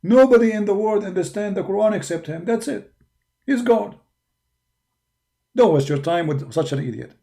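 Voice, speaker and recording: Gravelly Arab-accented man debating. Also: high-pitched, lively intonation, moderate pace, long pauses. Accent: Arabic. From Arab world. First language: Arabic. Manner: forceful, argumentative, with non-native grammar. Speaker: religious debater. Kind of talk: preaching monologue.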